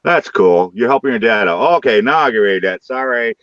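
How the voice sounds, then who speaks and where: A man's voice: medium pitch, animated, brisk, fairly bright tone, no room sound, lo-fi sound. A man hosting a live stream, trading rowdy, crude jokes with his chat in a loose, casual way. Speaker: livestream host.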